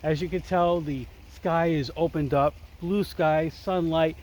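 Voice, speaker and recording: A man's voice: fairly high pitch, steady tone, a little slow, darkish tone, poor audio. A man vlogging outdoors by a waterfall in a forest, talking to viewers casually and with enthusiasm, calling them folks. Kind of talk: casual nature vlog, talking to camera. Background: running water.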